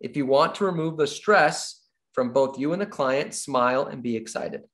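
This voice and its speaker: A man coaching real estate agents with plenty of energy, his pitch swinging widely up and down. He drills his key points over and over and slips into playing both sides of short client conversations. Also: normal speed. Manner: animated, acts out little dialogues with clients. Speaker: real estate sales trainer. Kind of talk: energetic sales training talk.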